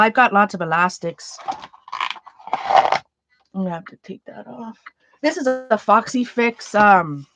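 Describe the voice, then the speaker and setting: A woman chatting casually as she sorts her art supplies, rambling, trailing off and restarting her sentences. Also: mid-range voice. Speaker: art journaling vlogger. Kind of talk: casual chat while sorting art supplies.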